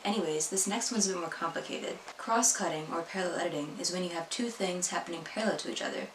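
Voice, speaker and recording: A woman's voice: on the low side, fast, reverberant, a little hiss or hum, rough recording. A young woman vlogging a casual editing tutorial at home, chatty and self-deprecating, filmed on a tripod camera. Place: home room.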